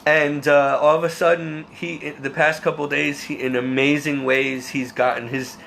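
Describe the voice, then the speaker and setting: A man's voice: a little high, little pitch movement, normal speed, vocal fry, a bit bright, a little hiss or hum. A man vlogging a personal faith testimony, talking earnestly and emotionally, rambling and restarting his sentences. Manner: restarts and repeats words.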